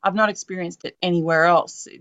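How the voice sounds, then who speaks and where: A woman's voice: lowish voice, steady tone, brisk, fairly bright tone, no echo. Candid Australian woman in her forties. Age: 40s. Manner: candid, emotional storyteller. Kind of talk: heartfelt conversational chat. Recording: dull, lo-fi dry sound.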